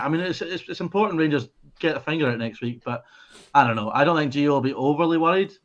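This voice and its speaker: Quick Scottish co-host on dull call audio. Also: male voice, mid-range voice. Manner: talks while eating, chatty. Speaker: podcast co-host. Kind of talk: casual football podcast chat. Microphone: video call.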